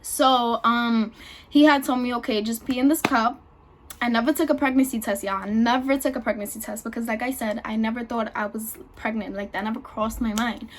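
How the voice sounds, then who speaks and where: A woman's voice: a little high, steady tone, brisk, slight background noise. A young woman, casually telling a personal story to her channel, chatty and full of fillers. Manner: chatty, lots of fillers and "y'all". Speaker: vlogger.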